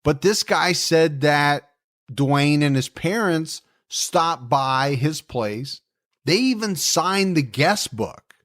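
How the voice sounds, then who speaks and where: Speaking slowly in an animated, somewhat bright voice on the high side, this true-crime podcast co-host relates the case conversationally. He jokes around and drifts into asides.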